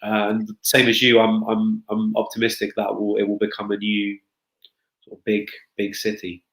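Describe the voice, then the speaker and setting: A man's voice: fairly low pitch, completely flat delivery, moderate pace, fairly bright tone, roomy sound, low-quality recording. A man speaking as a guest consultant in a casual chat, chatty, with frequent restarts and fillers.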